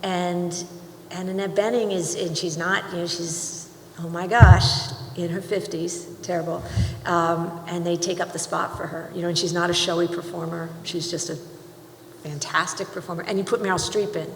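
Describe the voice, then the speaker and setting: A woman's voice: fairly low pitch, flat delivery, moderate pace. A middle-aged woman speaks on a panel in a big auditorium. She is chatty and keeps breaking off to restart her sentences. The sound is roomy, with a long hall tail and a faint hiss underneath. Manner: chatty, self-interrupting, laughs often. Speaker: panelist, screenwriting teacher. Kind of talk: panel discussion, casual. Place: large auditorium.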